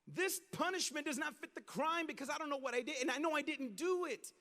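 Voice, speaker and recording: A preacher acting out a bewildered sufferer, a man pleading over and over that he did nothing to deserve his punishment. The voice rides high for a man, and it rings out with a long, hanging church reverb. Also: a little fast, sharp tone. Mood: protesting.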